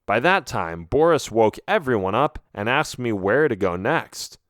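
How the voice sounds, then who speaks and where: Lively, expressive male storyteller. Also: medium pitch, a little slow, no echo, studio quality. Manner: lively, expressive, first-person. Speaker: audiobook narrator. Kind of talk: storytelling for children.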